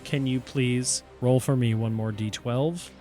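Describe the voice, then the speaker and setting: A man's voice: medium pitch, steady tone, a little slow, warm tone, soft background music. A man narrating as game master of a tabletop game, playful and often laughing as he describes the action.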